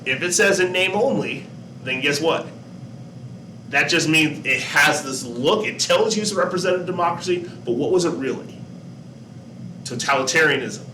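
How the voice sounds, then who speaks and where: A man teaches a lesson in a loose, chatty way, quizzing his students and cracking small jokes as he goes. His voice is bright and carries some edge. He sounds a little distant from the mic, in an echoey room with a faint hum behind him. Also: medium pitch.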